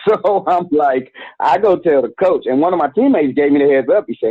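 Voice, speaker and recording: A man's voice: fairly high pitch, expressive, normal speed, slightly rough, dry recording. A man in his forties, a youth organization director and interview guest, telling a story in a candid, slangy, conversational way. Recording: tinny phone-like dry sound.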